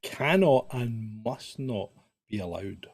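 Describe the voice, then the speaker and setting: A British man co-hosting a casual talk show, speaking in a measured, wry way. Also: mid-range voice, expressive, darkish tone, husky. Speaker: co-host. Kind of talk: casual chat.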